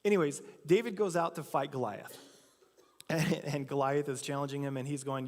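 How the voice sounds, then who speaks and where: A pastor with a higher-pitched, fairly even voice preaches at a normal speed, his words carried by the sanctuary's long reverb. During the sermon he tells a story in a casual manner, playing out the quotations himself.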